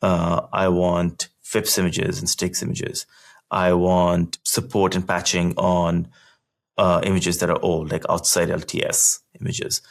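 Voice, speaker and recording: A man with a very low voice and a gravelly, fry-edged tone, speaking as a podcast guest. He explains technical topics in a relaxed, conversational way. His sentences run loose, with plenty of "like" and restarts. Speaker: podcast guest, engineering executive.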